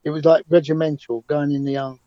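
A man's voice: a little high, flat delivery, fast, dark tone, no echo, highs cut off. A man, a cab driver talking confidently and emphatically as an interview guest, with frequent restarts. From England. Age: 60s. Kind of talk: remote interview, conversational storytelling.

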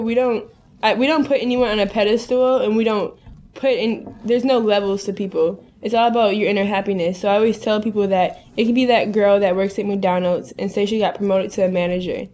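A woman's voice: mid-range voice, fairly even intonation, fairly quick, darkish tone. A young woman from Minnesota, a podcast guest talking in an eager, chatty way and finishing her twin's sentences. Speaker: guest, eyewear designer. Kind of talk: casual podcast interview.

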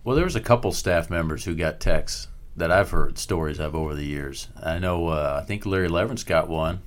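A man's voice: low-pitched, brisk. A man casually recalling old team stories, easygoing and laughing as he talks. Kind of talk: storytelling in casual chat.

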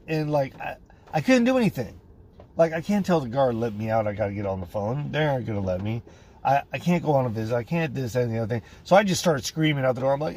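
A man's voice: medium pitch, a little fast, darkish tone. A man hosting a podcast, telling a story in a casual, profane way and acting out other people's voices. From United States. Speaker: podcast host.

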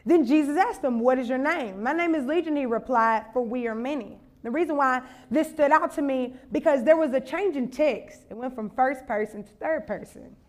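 High-voiced young woman preaching a sermon. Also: normal speed, few pauses. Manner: conversational, humorous, building to impassioned exhortation. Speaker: conference speaker.

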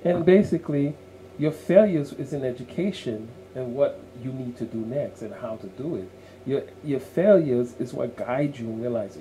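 A man's voice: mid-range voice, moderate pace, mellow, slight background noise, rough recording. A man co-hosting a casual podcast conversation, speaking in an earnest, motivational way and repeating words as he works toward his point. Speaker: co-host.

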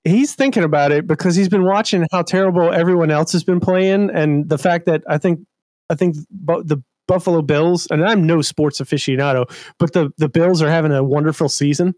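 A man's voice: fairly high pitch, brisk, darkish tone, no room sound. A man co-hosting a podcast, rambling hesitantly with lots of filler and giggles. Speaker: podcast co-host. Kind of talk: casual banter.

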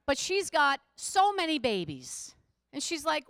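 A woman's voice: sits high, wildly swooping pitch, measured pace, fairly bright tone, no room sound, clean studio sound. A middle-aged woman pastor preaching a sermon, telling a story in a conversational way and rising to emphatic exhortation.

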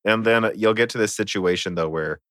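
A man's voice: lowish voice, a little fast, a bit bright, dry recording, studio quality. A man with a Midwestern American accent hosting a casual chat, joking and reading listener mail. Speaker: podcast host.

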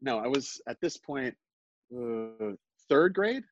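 Halting, self-mocking man telling a story. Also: medium pitch, very animated, lo-fi sound. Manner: halting, self-deprecating, many restarts. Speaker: guest storyteller. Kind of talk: live storytelling on a podcast.

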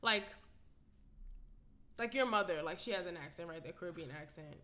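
A woman's voice: on the low side, moderate pace, pushed and bright. A young woman co-hosting a casual chat, rambling with lots of filler words and blunt swearing. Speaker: podcast co-host.

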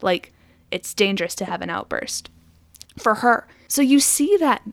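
A woman co-hosting a film podcast, retelling scenes in an animated, chatty way with lots of fillers. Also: mid-range voice, measured pace, no echo, clean studio sound. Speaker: podcast co-host. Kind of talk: casual film discussion.

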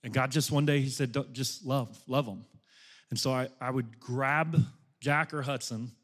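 A middle-aged man preaching a sermon as a pastor, moving from loud, impassioned exhortation to soft, hushed storytelling. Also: mid-range voice, moderate pace.

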